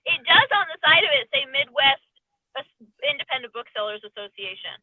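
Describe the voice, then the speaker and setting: Casting note: a playful, teasing woman with a high, animated voice, recorded dull and dry. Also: fairly quick. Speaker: guest on a live stream. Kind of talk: casual chat.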